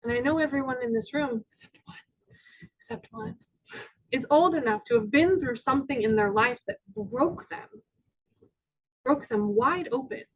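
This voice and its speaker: A woman minister with a high, slightly husky voice gives a spiritual talk to a congregation. She tells personal stories, acts out the voices of the people in them, and sometimes drops to a soft near-whisper. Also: normal speed, low-quality recording. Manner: storytelling, acting out quoted voices, dropping to soft near-whispers. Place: church sanctuary with audience.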